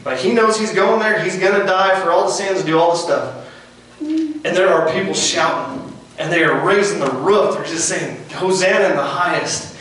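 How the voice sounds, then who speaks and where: A man preaching an earnest, folksy sermon outdoors, repeating phrases and dropping to hushed tones. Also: sits high, lively intonation, normal speed, slight background noise. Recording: echoey and distant outdoors.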